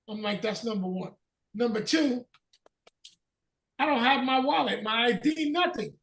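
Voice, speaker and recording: Gravelly, profane storyteller man. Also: very high voice, moderate pace, reverberant, far from the mic. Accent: Northern US. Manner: profane, animated storyteller who acts out dialogue. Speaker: podcast host. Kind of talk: casual storytelling chat. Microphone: video call.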